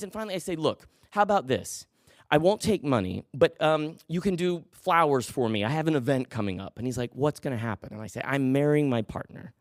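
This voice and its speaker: A man telling a personal story on stage, animated, acting out the people in it. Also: a little high, quick pace, no echo, clean studio sound. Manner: animated, acts out quotes. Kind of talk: live storytelling.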